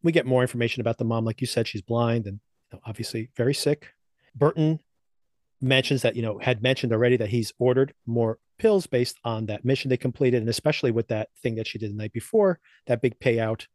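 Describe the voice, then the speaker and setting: Another podcast co-host, this man runs through TV episodes in a relaxed, rambling way, full of laughter and filler words. He speaks briskly at a medium pitch with a somewhat dark tone, and the recording is dry.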